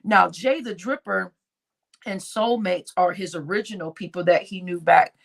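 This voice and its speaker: A woman with a lowish voice and vocal fry rambles through a story on her casual livestream, taking on the lines of the people she quotes. She keeps a moderate pace.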